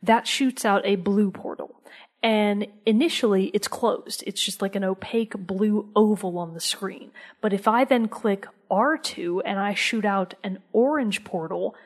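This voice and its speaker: A woman's voice: medium pitch, a little slow. A woman co-hosting a podcast, chatting casually and with enthusiasm, sometimes dropping to a near-whisper for emphasis. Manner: enthusiastic, conversational, drops to a soft whisper for emphasis. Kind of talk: casual chat.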